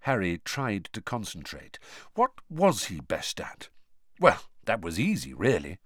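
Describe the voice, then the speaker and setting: A man narrating an audiobook with an expressive, varied delivery. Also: lowish voice, a little slow, no echo, clean studio sound. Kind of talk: storybook narration.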